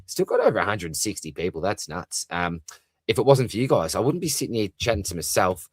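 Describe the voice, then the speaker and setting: A deep-voiced Australian man hosts a live stream from home. He reads viewers' comments aloud and answers in a loose, friendly, rambling way, calling everyone mate. The sound is dry and close to the mic. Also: sing-song, brisk, slightly rough, no echo. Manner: chatty, matey, calls everyone mate, lots of fillers. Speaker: fantasy football livestream host.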